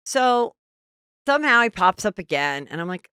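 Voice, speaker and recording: A middle-aged woman hosting a podcast, telling stories in a chatty, animated casual chat. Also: mid-range voice, normal speed, smooth, dry recording, clean studio sound. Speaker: podcast host.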